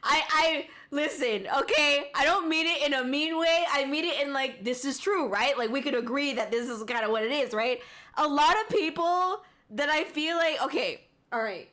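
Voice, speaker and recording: Female streamer, casual reaction chat: high, bright, giggly, rambling. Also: normal speed. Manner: giggly, rambling, swears freely. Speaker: VTuber streamer.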